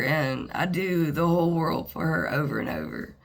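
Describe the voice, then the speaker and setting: A woman talking to the camera in a personal, reflective monologue, halting and earnest, with pauses and sighs. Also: deep voice, sing-song. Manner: earnest and plainspoken. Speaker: vlogger.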